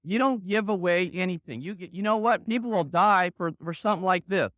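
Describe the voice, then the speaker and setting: A man's voice: high-pitched, a little fast, no room sound. A man giving a motivational talk to an audience, acting out phone calls as he tells his stories. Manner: animated storytelling, acts out phone calls. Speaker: motivational speaker.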